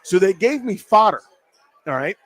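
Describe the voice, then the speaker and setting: A man hosting a live sports radio show from a sports bar, telling a story in an animated, self-mocking way. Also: high-pitched, moderate pace, dry recording.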